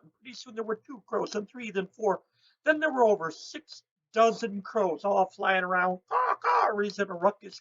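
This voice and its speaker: A woman raptor educator telling lively stories and mimicking bird calls as she explains owl behavior. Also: mid-range voice, muffled recording. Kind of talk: educational storytelling.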